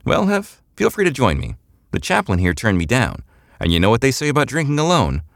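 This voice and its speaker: A man's voice: medium pitch, huge pitch swings, brisk, vocal fry, a bit bright, dry recording, clean studio sound, voice pushed up, exaggerated voice. A man voicing a sarcastic young woman spacer with a cybernetic arm, in a wry, teasing manner, in an audiobook.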